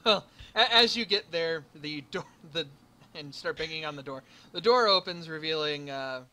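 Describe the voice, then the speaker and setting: A man's voice: a little high, moderate pace, bright, forceful tone. A man narrating as game master in a tabletop game, casual and a little hesitant.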